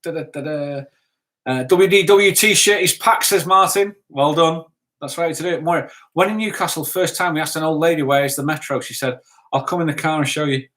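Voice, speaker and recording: A man's voice: a little high, a little fast, fairly bright tone. A man hosting a casual live stream, reading out viewer comments in a chatty, upbeat way. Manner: chatty, upbeat, laughs easily.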